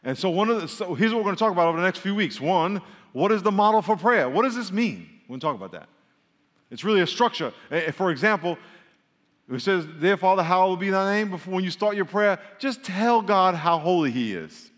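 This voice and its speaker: With a high, sing-song voice that's a bit bright, a man preaches fairly quickly to his congregation. The pastor reads from scripture and explains it humorously and conversationally, and the room has long hall reverb.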